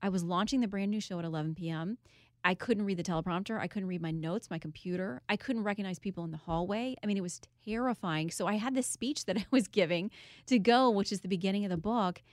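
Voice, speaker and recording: A woman's voice: mid-range voice, quick pace, no echo. Woman, candid storyteller, earnest, dry studio sound. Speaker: guest, author and TV host. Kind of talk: interview.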